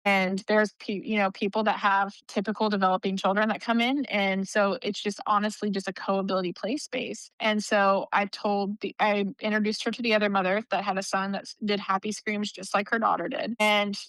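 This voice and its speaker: A woman's voice: medium pitch, level tone, a little fast, few pauses, a bit bright, clear, resonant tone, no echo, low-quality recording. A woman in her thirties, a nonprofit leader and podcast guest, chatting casually and telling stories with lots of "like" and bursts of laughter. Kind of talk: casual interview storytelling.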